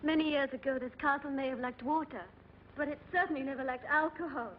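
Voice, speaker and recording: A woman's voice: high voice, quick pace, slight background noise, lightly acted. A woman playing a fragile, anxious wife. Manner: pleading and nervous. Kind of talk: dubbed 1960s film dialogue. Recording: dull old film soundtrack.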